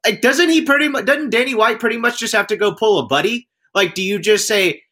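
Lively high-voiced man in sports chat. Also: fairly quick, hardly any pauses, husky. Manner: animated, asks leading questions. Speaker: podcast co-host.

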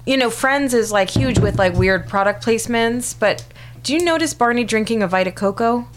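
A woman's voice: on the high side, noisy background. Chatty woman co-hosting a podcast. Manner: chatty, with frequent fillers and quick agreeing yeahs. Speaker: podcast co-host. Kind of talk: casual chat comparing TV episodes.

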